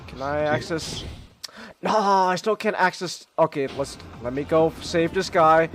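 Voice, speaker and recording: A man hosting a live-streamed podcast while gaming. He is excitable, often exclaims, and stammers through restarts. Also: fairly high pitch, moderate pace, a little hiss or hum. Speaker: VTuber podcast host.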